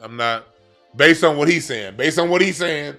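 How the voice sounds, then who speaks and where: A man reads playing cards for a yearly forecast in a casual explainer monologue, speaking in an emphatic, slangy way and often repeating and restarting phrases. His voice is a little high and fairly bright, at a moderate pace, with soft background music.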